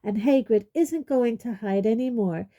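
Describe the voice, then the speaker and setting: Determined clever teen girl, indignant and brisk; woman reader puts her on, pitched up. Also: warm tone, muffled recording, close to an everyday voice. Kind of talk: audiobook character voice.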